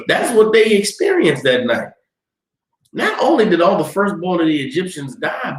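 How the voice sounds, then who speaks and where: Male class teacher, animated storyteller, slightly high voice, roomy echo. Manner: animated storytelling, acts out screams. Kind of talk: scripture class lecture.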